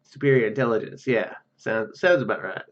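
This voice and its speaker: A man's voice: lowish voice, brisk. A man playing a text adventure, reading the text aloud with restarts and joking asides. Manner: reads on-screen text with restarts and asides, laughs easily. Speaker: let's play gamer reading game text. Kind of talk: casual let's play commentary and reading aloud. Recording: dull muffled recording with faint game music.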